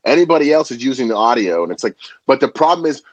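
Husky-voiced man talking with slangy energy. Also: mid-range voice, fast talker, no room sound, muffled recording. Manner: animated and slangy, full of filler words. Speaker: podcast guest, food content creator. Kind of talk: casual conversation.

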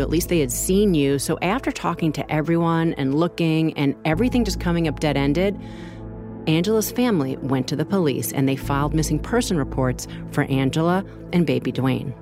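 A woman with a notably low voice narrates true crime in a measured, explanatory way. Faint music sits beneath her. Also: expressive, darkish tone. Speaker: co-host.

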